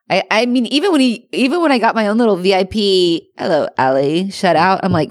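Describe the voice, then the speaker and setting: A woman co-hosting a casual chat show, animated and exclamatory, swearing freely. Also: mid-range voice, a little fast, few pauses, dry recording, studio quality. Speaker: podcast co-host.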